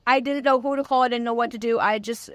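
A young woman co-hosting a podcast, telling a story in an excited, rambling way in casual chat. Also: fairly high pitch, fast, no echo, clean studio sound. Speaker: podcast co-host.

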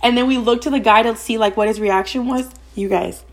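A young adult woman hosting a podcast, telling a story in casual chat: fast, profane and gossipy, with "like" all through. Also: fairly high pitch. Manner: rapid, profane, gossipy, heavy use of "like". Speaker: podcast host.

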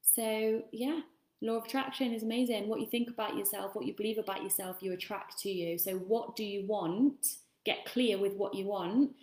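A woman's voice: medium pitch, steady tone, normal speed, a little mellow. A woman, a self-love coach, giving a rambling, casual motivational talk and swearing freely. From England. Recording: echoey room.

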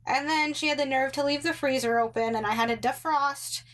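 A woman's voice: high-pitched, fairly quick, fairly bright tone. A young woman casually telling a story about a roommate, full of "like" and "um", with sarcastic asides. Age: young adult. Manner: chatty, many likes and ums, sarcastic asides.

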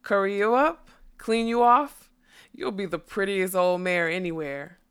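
A woman's voice: lowish voice, steady tone, takes it slowly, bright, forceful tone, clear, resonant tone. A woman voicing a fat, clumsy farmer who coaxes and pants as he talks. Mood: panting. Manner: coaxing, panting. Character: fat clumsy farmer man, coaxing, breathless.

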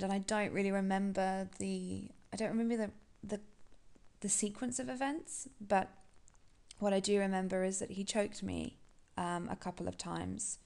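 Brief: female podcast host, gravelly mid-pitched voice, candid halting storytelling. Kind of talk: personal storytelling.

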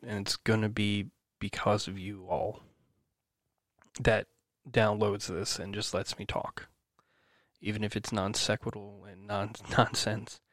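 A man's voice: fairly low pitch, dry recording, studio quality. A man hosting his own podcast, venting in a rambling, self-encouraging monologue full of swearing. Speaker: podcast host.

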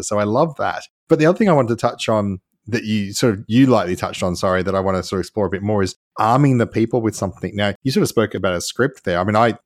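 A low-voiced man hosting a podcast, talking fast as he builds on his guest's ideas with everyday examples. The recording is close and dry, with no room sound. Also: no room sound. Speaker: podcast host. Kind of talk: conversational interview hosting.

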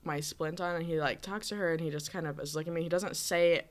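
A woman's voice: low voice, fairly even intonation, fast. Chatty twenties woman telling a story. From United States. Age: 20s. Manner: rambling storyteller, lots of fillers and laughs. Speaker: teacher. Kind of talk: casual chat.

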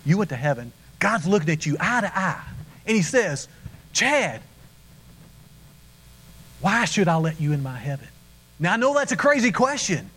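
Animated middle-aged male preacher. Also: a little high, slightly rough, low-quality recording. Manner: animated storytelling, acts out voices. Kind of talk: sermon.

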